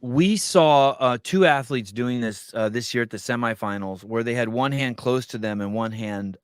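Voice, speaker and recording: A man's voice: mid-range voice, moderate pace, smooth. A man hosting a podcast who asks questions and gives short replies in casual chat. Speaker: podcast host.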